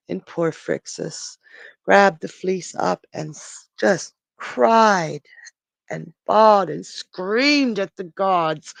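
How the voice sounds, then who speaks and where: A storyteller on a live stream, narrating a myth dramatically, with pauses and restarts. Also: medium pitch, vocal fry, no echo.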